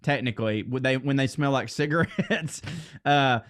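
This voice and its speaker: A man co-hosting a podcast. He talks in loose, rambling, profane banter, laughs often and gets worked up, and says he is a little high. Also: normal speed, fairly bright tone. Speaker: podcast co-host.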